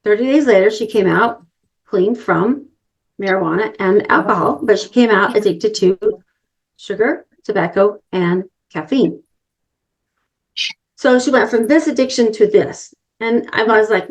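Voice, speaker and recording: A woman's voice: medium pitch, measured pace. A middle-aged woman giving an inspirational talk, telling a personal story earnestly and addressing the listeners directly. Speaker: summit speaker.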